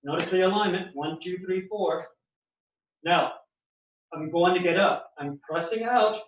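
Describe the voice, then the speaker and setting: Seorang pria bersuara tinggi memperagakan latihan lutut, terdengar jauh dan bergema di ruangan, suara agak redup. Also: male voice, sits high, unhurried, a little hiss or hum. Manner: instructive, explains while demonstrating movements. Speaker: physical therapist. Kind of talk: exercise demonstration. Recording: echoey, distant, dull sound.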